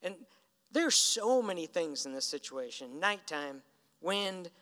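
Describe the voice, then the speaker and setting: A man's voice: high voice, sing-song, takes it slowly, sharp tone. A man preaching a sermon in a conversational storytelling way, acting out the lines he quotes. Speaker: pastor. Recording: reverberant hall.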